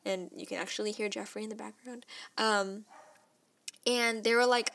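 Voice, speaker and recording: A young adult woman telling a personal story in a casual, animated way, with lots of "like" and quick laughs. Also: medium pitch, creaky. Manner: animated and emotional, heavy use of "like", frequent laughs.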